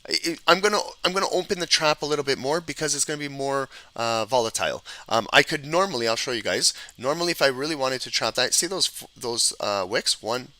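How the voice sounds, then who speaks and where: A man's voice: mid-range voice, a little fast, few pauses, no echo, rough recording. A man teaching live market analysis over a shared chart, walking through price levels and checking in with "okay?". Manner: instructive, repeats "okay?" checks, animated auctioneer riffs. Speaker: trading educator.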